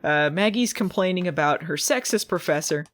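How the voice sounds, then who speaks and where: A woman's voice: lowish voice, lively intonation, normal speed, a little hiss or hum. A woman hosting a podcast, recapping a TV episode in casual chat with a wry, sarcastic manner, acting out the characters' lines.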